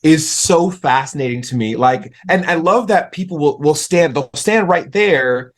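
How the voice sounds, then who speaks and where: A man guesting on a podcast, telling animated stories in a relaxed conversation, often restarting his sentences. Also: a little high, unhurried. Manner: animated storyteller, frequent restarts. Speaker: podcast guest, author and speaker. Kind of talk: casual interview conversation.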